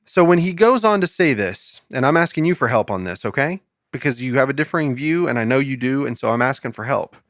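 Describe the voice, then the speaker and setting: A man hosting a podcast, reading scripture aloud slowly and asking his guest questions in a casual Bible study conversation. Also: mid-range voice, animated, a bit bright, no room sound, studio quality. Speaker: podcast host.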